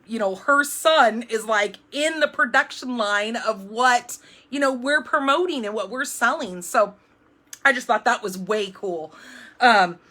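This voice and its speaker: A woman's voice: on the high side, animated, unhurried, bright, forceful tone. A middle-aged woman hosting a live craft stream from home, chatting in an upbeat, rambling way with lots of fillers and restarts. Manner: jumpy, self-described. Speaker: card-making demonstrator hosting a live stream.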